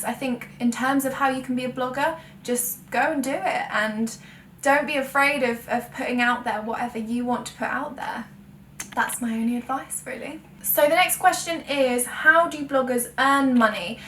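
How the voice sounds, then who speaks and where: A young woman who blogs full-time sits and talks frankly to the camera, correcting herself and laughing when she trips over words. Her voice is high-pitched with a fairly bright tone, recorded in an echoey room with a distant mic and faint ambient noise.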